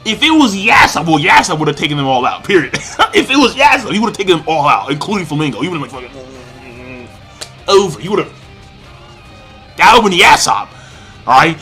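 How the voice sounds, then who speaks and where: A young man rants through a comic review, swearing freely and bursting into shouts as he rambles. His slightly high voice swings widely in pitch and has a sharp, bright edge. Faint music plays underneath. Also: fairly quick. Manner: excitable, profane, rambling, with frequent shouted outbursts. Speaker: manga reviewer. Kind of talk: ranting commentary.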